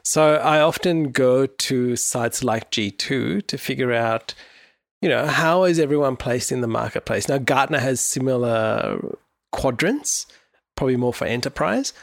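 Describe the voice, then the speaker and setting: A man's voice: medium pitch, measured pace, vocal fry, dry recording, clean studio sound. A man co-hosting a marketing podcast, introducing segments and chatting casually. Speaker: podcast co-host.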